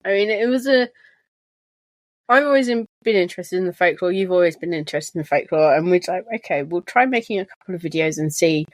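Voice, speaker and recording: A woman's voice: on the low side, brisk, dry recording. A woman co-hosting a podcast, chatting casually with a wry, storytelling manner. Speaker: podcast co-host. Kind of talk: casual chat.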